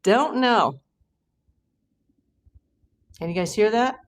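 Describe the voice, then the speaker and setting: A woman's voice: mid-range voice, expressive, slow pace. A woman from Southern California hosting a true crime livestream, chatting casually, reading viewer comments and rambling with frequent laughs.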